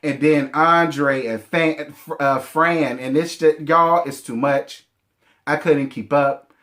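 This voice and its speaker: A man in his thirties with a sassy, animated manner and heavy slang, reviewing a reality show in casual chat. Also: on the high side, slow pace.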